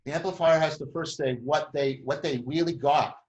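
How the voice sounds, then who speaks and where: A man's voice: a little high, steady tone, moderate pace, a little mellow, poor audio. A man hosting a conversation, explaining a group process at length with many restarts and frequent tag questions. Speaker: host.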